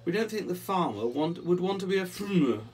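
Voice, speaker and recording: A man's voice: high-pitched, sing-song, moderate pace, darkish tone, slightly rough, distant mic, voice pushed up, full character voice. A man voicing a group of kindly, apologetic farm animals in a picture book.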